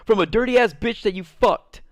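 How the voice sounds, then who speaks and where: A man imitating his furious, jealous girlfriend in a high, shrill, accusing voice that is full of swearing. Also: measured pace, bright, forceful tone, clean tone, dry recording.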